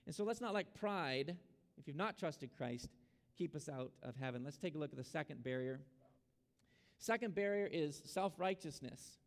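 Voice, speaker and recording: A man's voice: a little high, lively intonation, normal speed. A male pastor giving an earnest sermon, urging his congregation in a church sanctuary. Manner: earnest preaching, urging and exhorting. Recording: long hall reverb.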